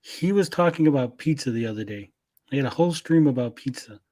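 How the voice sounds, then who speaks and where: A man's voice: medium pitch, animated, quick pace, mellow. A man hosting a casual stream chat, laid-back and reading chat comments aloud with casual swearing. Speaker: podcast host.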